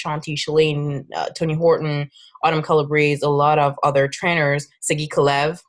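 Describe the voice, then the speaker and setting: A woman's voice: sits low, fairly bright tone. A woman with a French accent, a fitness business coach giving a casual, persuasive recruiting presentation with frequent restarts.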